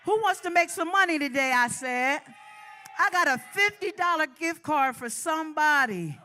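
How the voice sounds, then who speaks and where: A woman emceeing a community event, hyping the crowd with energetic call-and-response and running games. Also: high voice, moderate pace, a little hiss or hum. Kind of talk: crowd hype and game hosting. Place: large event room with tables.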